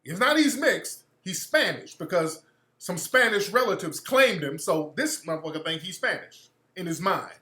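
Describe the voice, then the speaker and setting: Guy hosting a talk radio show, high voice, keeps restarting his lines, kinda echoey room. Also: sing-song, normal speed, sharp tone. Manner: blunt and profane, repeats and restarts phrases; acts out quoted people in mocking voices. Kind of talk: opinionated talk radio monologue.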